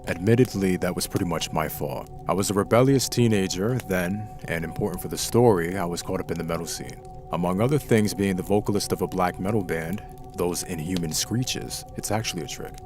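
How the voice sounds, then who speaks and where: A man's voice: low-pitched, brisk, music in the background. A man narrating true scary stories in the first person, reading them dramatically. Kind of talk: scripted horror story narration.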